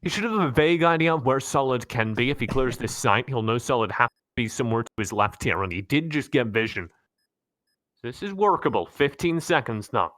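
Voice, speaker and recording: An esports caster, tired from no sleep, calls a mobile shooter match live, breaking down plays with joking, analytical banter. His mid-range voice is animated, brisk, and a bit bright, with no echo.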